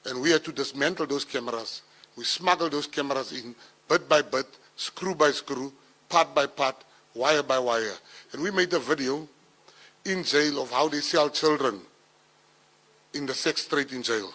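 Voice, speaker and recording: A middle-aged South African man giving a speech, telling personal stories and acting out the dialogue, rising loud at the punchlines. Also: mid-range voice, moderate pace. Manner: animated storyteller, acts out dialogue, gets loud at punchlines. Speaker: minister giving a keynote speech. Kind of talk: storytelling speech to an audience.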